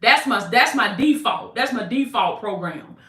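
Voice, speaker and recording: A woman's voice: fairly high pitch, lively intonation, unhurried, bright, forceful tone, roomy sound. A woman with a Southern US accent, preaching prophetic declarations to her viewers, repeating lines and calling them baby. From American South. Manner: repetitive, calls listeners baby, decrees in Jesus' name. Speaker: motivational preacher and coach. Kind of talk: prophetic declarations and livestream pitch.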